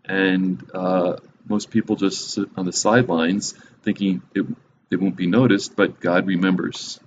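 A man's voice: low voice, little pitch movement, a little slow. A man giving a casual, conversational Bible lesson with a wry, joking manner, on a slightly dull recording with faint hiss. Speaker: Bible teacher.

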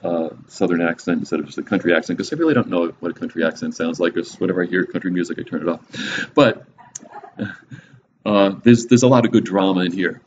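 A man's voice: low-pitched, fast talker. A man giving a casual, conversational Bible lesson with a wry, joking manner, on a slightly dull recording with faint hiss. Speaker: Bible teacher.

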